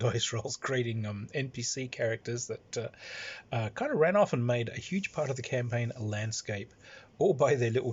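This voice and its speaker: A man recounts a tabletop campaign as its game master. He rambles, full of ums and chuckles, in a husky voice at middling pitch. The recording sounds dull and lo-fi. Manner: rambling, lots of fillers and chuckles. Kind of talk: anecdotal storytelling.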